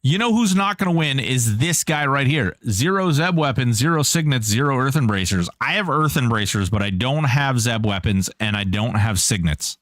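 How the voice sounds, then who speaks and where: Bright-voiced joking game streamer, a man. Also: medium pitch, expressive, normal speed, hardly any pauses, dry recording, clean studio sound. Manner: joking, hyped up for giveaways. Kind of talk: live-stream gameplay commentary.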